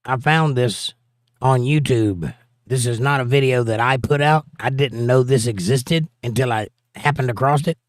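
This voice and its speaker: A man's voice: mid-range voice, moderate pace, no room sound. A male livestream host reading viewer comments aloud and answering them with dry, joking asides in a casual chat.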